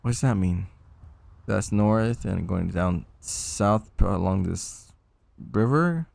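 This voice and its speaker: A man's voice: fairly low pitch, slow, creaky, darkish tone, dry recording. A man casually commenting on a video game playthrough, thinking aloud in a laid-back way. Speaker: gaming streamer. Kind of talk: casual let's-play commentary. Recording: game music behind voice.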